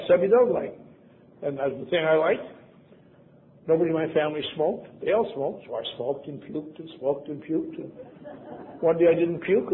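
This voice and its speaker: An older man from Wisconsin telling a personal story with wry, self-deprecating humor. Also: fairly high pitch. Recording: tinny phone-like sound, faint noise.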